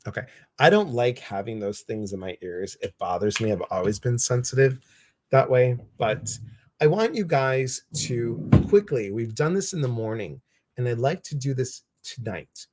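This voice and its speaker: A man's voice: mid-range voice, lively intonation, normal speed, a little mellow, dry recording, poor audio. Effusive, heartfelt male livestream host. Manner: effusive and heartfelt, retelling conversations with quoted voices; talks straight to viewers, greeting them by name. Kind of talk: casual livestream chat.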